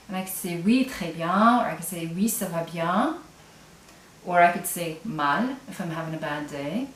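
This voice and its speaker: A woman's voice: on the low side, darkish tone, recorded from a distance. Woman teaching, echoey and off-mic. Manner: explains step by step, repeats example phrases slowly. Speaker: French teacher. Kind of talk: classroom language lesson. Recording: echoey room, voice away from mic.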